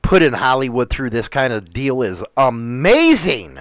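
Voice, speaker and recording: Blunt, animated man hosting talk radio. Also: medium pitch, measured pace, few pauses, no echo. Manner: blunt, rambling, swears freely. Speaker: radio show host. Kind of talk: casual talk radio monologue.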